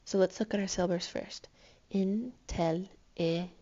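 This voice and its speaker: A woman's voice: lowish voice, normal speed, gravelly, a little mellow, lo-fi sound. A woman teaching a recorded Spanish lesson to her students, patient and explanatory, counting syllables aloud.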